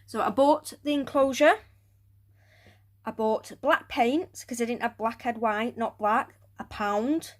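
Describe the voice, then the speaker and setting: A woman's voice: fairly high pitch, fairly even intonation, measured pace. Chatty woman crafting and muttering. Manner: chatty, rambling, drops to muttering and whispers while working. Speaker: hobbyist building a tarantula enclosure. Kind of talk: casual crafting vlog narration.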